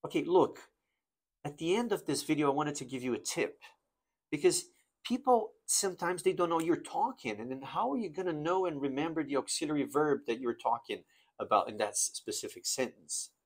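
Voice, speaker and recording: A man teaching an English grammar lesson, explaining slowly and reading example sentences with exaggerated intonation. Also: on the high side, animated.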